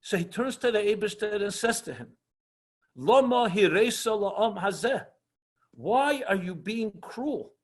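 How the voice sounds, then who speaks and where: Husky high-voiced rabbi teaching. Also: male voice, animated. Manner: earnest, passionate, often slows for emphasis; mixes Hebrew and Yiddish terms into English. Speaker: rabbi teaching an online class. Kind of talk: lecture with questions and answers.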